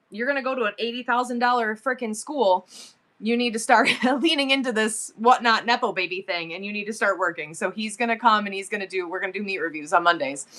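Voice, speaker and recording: A woman's voice: medium pitch, a bit bright. A woman in her forties hosting a live selling stream, talking emotionally about her son and gushing thanks to viewers. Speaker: livestream seller.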